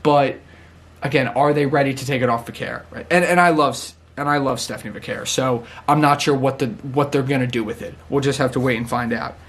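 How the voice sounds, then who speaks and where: A man casually recapping a wrestling show, chatty and excitable, laughing often and acting out what people said. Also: mid-range voice, brisk.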